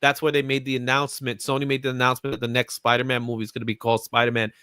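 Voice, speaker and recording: A man's voice: mid-range voice, little pitch movement, rapid-fire, sharp tone, clear, resonant tone, dry recording. A man hosting a comics market show, chatting casually and laughing often. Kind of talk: casual chat.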